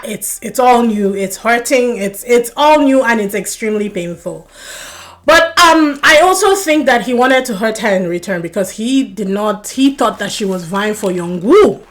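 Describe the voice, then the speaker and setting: A young woman giving a casual, animated review of a reality dating show, swearing and laughing when she gets worked up. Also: mid-range voice.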